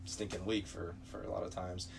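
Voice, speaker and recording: A man with a low voice hosts a relaxed podcast interview. He talks casually, jumping in with quick reactions and follow-up questions. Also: vocal fry. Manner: friendly, reactive, short backchannels. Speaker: podcast host.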